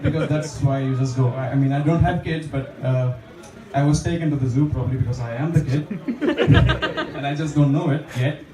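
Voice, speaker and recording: A man's voice: medium pitch, lively intonation, normal speed, dark tone. A young man doing open mic stand-up in a small bar, chatty and self-deprecating, with lots of fillers. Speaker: stand-up comedian. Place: small bar stage with a live audience. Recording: echoey bar room, distant mic, audience laughter.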